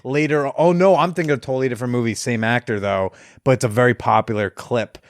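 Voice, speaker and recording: A man's voice: mid-range voice, steady tone, fast talker, dry recording. Chatty podcast host man, dry close mic. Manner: rambling, laughs while retelling scenes. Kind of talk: casual chat.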